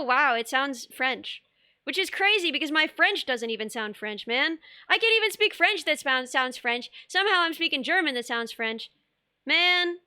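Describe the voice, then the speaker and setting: A woman's voice: sits high, bright, forceful tone, no echo, clean studio sound. A young woman streaming live, chatting casually while she sculpts, bubbly and rambling, laughing often and reading chat aloud.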